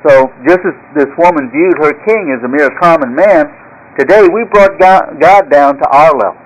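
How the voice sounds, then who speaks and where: A man's voice: fairly high pitch, muffled recording. Earnest male preacher telling stories. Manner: storytelling preacher, earnest, with occasional halting fillers. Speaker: pastor. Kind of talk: sermon.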